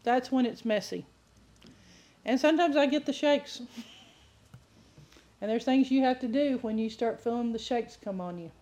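A woman preacher giving a sermon full of animated stories, often laughing and acting out the voices of people she quotes. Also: a little high, moderate pace, pauses often. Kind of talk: sermon with storytelling.

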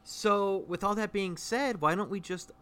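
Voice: medium pitch, unhurried, a bit bright, smooth. A performer in an improvised comedy scene, talking in a flustered, backpedaling way and over-explaining everything.

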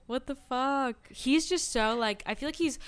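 A young woman in casual podcast chat, rambling and swearing, often dropping into quiet trailing asides. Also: sits high, a little slow. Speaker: podcast co-host.

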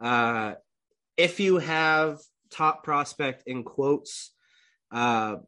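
A man's voice: medium pitch, very slow, bright, forceful tone. Young male co-host, stuffed up, blunt and profane. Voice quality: swears freely, clears throat often. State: congested, coughing. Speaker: podcast co-host. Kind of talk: casual chat.

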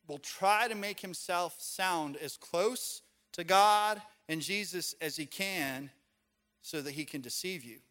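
Male pastor, sermon delivery, chatty storyteller, slightly high voice. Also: fairly bright tone. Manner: conversational, storytelling with casual fillers.

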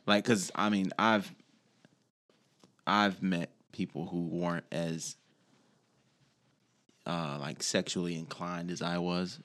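Low-voiced dude, chill and cussing, casual chat with friends. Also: male voice, fairly even intonation, takes it slowly, long pauses, a bit bright. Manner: laid-back, swearing, laughs easily.

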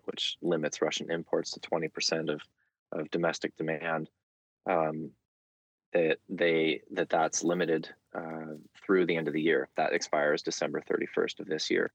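Very deep-voiced man, dry sound. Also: vocal fry, slightly rough, no room sound. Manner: thoughtful, frequent fillers and restarts. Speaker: guest. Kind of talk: conversational interview.

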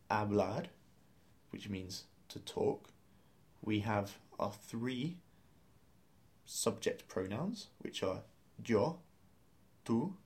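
A man's voice: on the low side, a little mellow. A man teaching a beginner language lesson, explaining grammar step by step and spelling out words letter by letter.

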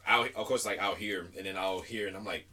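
A man's voice: sits low, steady tone, brisk, sharp tone, far from the mic. A man from the Baltimore area co-hosting a casual podcast chat, joking and laughing at his own lines. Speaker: podcast co-host.

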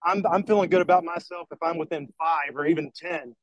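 A man's voice: a little high, steady tone, a little fast, no echo, lo-fi sound. A man in a group call praising a squad mate in an admiring, easygoing way. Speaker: squad member.

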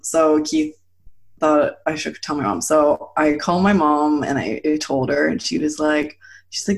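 A woman in her thirties, telling a personal story in a casual chat, animated and laughing often as she acts out quotes. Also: low voice, a little slow. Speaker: guest.

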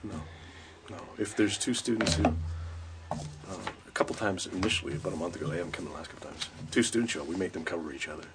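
A man speaking as a guest, relaxed and agreeable in casual chat. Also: deep voice, fast. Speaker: guest, counselor. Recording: distant mic, noisy room.

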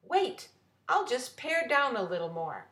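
A woman's voice: sits high, sing-song, a little slow, a bit bright, pitched above the performer's own voice, full character voice. A woman voicing an indignant young girl at a fair, pleading and protesting. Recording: roomy echo.

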